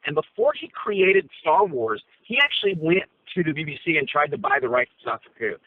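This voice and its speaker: A man calls in from his parked car over a thin, tinny phone line. His voice sits a touch above the usual male pitch. He rambles through casual talk, full of fillers and restarts. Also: big pitch swings, a little fast. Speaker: co-host. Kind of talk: casual chat.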